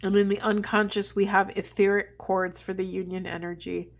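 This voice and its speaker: Woman giving a slow, emotional tarot reading. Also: medium pitch, little pitch movement, creaky. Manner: slow, meditative, emotional delivery with sighs. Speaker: tarot card reader. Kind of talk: spiritual tarot reading to camera.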